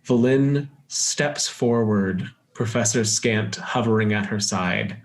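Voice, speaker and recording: A man narrating a tabletop game as game master, with measured description and quick asides. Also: on the low side.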